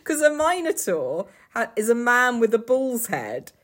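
A woman co-hosting a podcast in casual chat, quick-witted, laughing a lot and swearing freely. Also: fairly high pitch, very animated, a bit bright. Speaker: podcast co-host.

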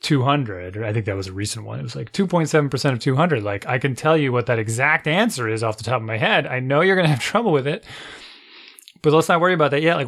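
A man in casual conversation, telling a story with lively, exasperated asides and quoted dialogue. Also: medium pitch, slightly rough. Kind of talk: casual chat.

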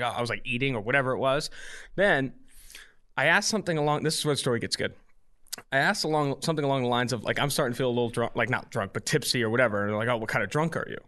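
A young man hosting a podcast, rattling off a story at a quick clip. His voice is bright and forward, and he acts out the dialogue as he goes. He talks in a loose, casual way. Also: mid-range voice. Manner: fast, animated storytelling with quoted dialogue. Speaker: podcast host.

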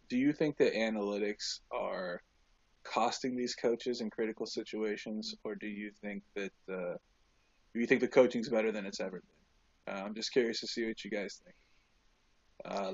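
A man co-hosting a casual sports podcast, an animated storyteller who uses many fillers and restarts. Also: on the low side, husky, no room sound, highs cut off. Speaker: podcast co-host.

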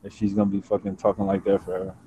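A man's voice: sits low, monotone, very fast, warm tone, lo-fi sound, a little hiss or hum. A man guest on a podcast, speaking bluntly and profanely while laughing at his own answers, joining by phone from his car. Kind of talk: casual chat. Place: car, driving.

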